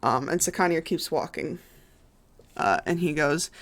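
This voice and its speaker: Slow, gravelly-voiced game master. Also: medium pitch, expressive, a bit bright. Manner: hesitant, many fillers and restarts. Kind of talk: narrating a tabletop game on a stream.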